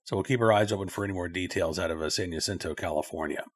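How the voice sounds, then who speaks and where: A man hosting a news commentary show, talking things through in a loose, conversational way with frequent filler pauses. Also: sits low, slightly rough.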